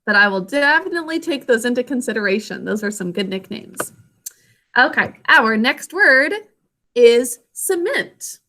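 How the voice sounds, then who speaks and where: A young woman teacher leading an online spelling lesson over a video call, clear and encouraging. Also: on the high side, lively intonation, moderate pace, bright, forceful tone.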